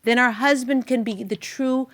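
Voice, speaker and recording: A woman hosting a talk show and giving marriage advice to a guest in an animated, chatty, emphatic way. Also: on the high side, normal speed.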